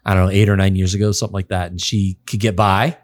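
Brief: easygoing male podcast co-host, lower voice, laughs a lot. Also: little pitch movement, quick pace, no echo. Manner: laid-back, laughs often. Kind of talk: casual podcast banter.

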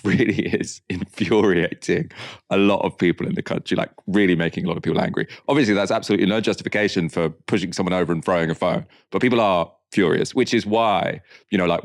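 A man hosting a political discussion show, reading out quotes and posing long, measured questions. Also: deep voice, no echo, studio quality. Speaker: host.

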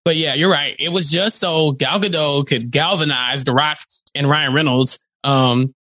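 A man co-hosting a casual movie podcast, talking in an animated way and acting out quotes. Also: a little high, unhurried, no room sound. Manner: animated, acts out quotes in voices. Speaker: podcast co-host.

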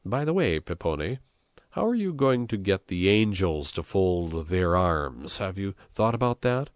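Don Camillo, a sharp-tongued country priest who needles his opponent with sly irony, as a male narrator gives him voice. The voice is deep and low-set. It sounds dry and close, like a storybook read aloud. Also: very animated, measured pace, dry recording. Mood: sarcastic. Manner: mocking, sardonic. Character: shrewd, combative male village priest, sarcastic. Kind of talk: audiobook reading.

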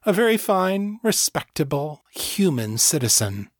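A man's voice: fairly high pitch, big pitch swings, a little slow, no echo, studio quality, voice pushed up. A man voicing a cocky male incubus who drawls and mocks his questioner. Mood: smug. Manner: drawling, mocking.

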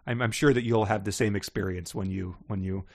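A man's voice: fairly low pitch, fairly even intonation, brisk. A man co-hosting a comedy podcast, rambling and joking, laughing often, recording from his parents' house. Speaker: podcast co-host. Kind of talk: casual comedic chat. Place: parents' house in North Carolina.

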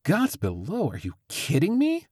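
A man voicing a frustrated young woman witch, with a high, squeaky, exasperated delivery. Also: lively intonation, moderate pace, mellow, dry recording, studio quality.

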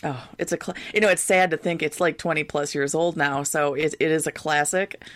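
A woman co-hosting a podcast in casual chat, animated and laughing often. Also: sits low, a little fast, no echo. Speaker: podcast co-host.

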